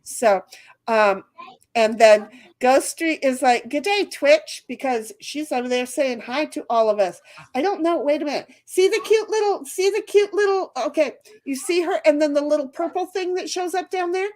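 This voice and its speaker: A woman's voice: high voice, lively intonation, moderate pace, a little mellow. A woman hosting a casual livestream, reading out chat comments with loose swearing and frequent laughter.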